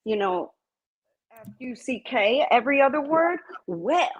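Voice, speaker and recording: A woman guest on a livestream telling stories in casual chat, with frequent laughter. Her voice sits high and husky, and it swings widely as she talks. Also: measured pace, lo-fi sound. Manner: lively storyteller, laughs often. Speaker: livestream co-host.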